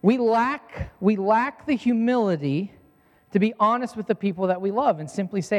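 Pastor type, male, high voice, earnest repetitive preaching, echoing church hall. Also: lively intonation, normal speed, lo-fi sound. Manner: earnest preaching with repeated phrases. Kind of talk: sermon.

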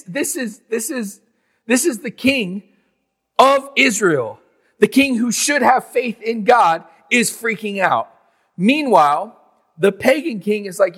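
A man's voice: sits high, moderate pace, fairly bright tone, in a large hall. A man preaching a sermon in a conversational way, acting out biblical figures in modern slang. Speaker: pastor.

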